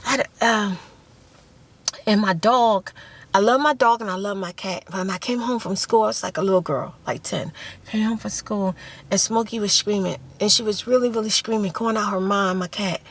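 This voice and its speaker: An ASMR vlogger, a woman speaking at medium pitch and normal speed, casually tells an emotional personal story. She repeats phrases and acts out voices, including screams and quotes.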